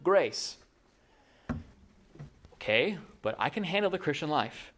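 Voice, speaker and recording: A man's voice: on the high side, takes it slowly, a little hiss or hum. A man preaching a sermon, asking the room questions and acting out little dialogues as he goes. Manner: animated preaching, rhetorical questions, acts out dialogue. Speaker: pastor.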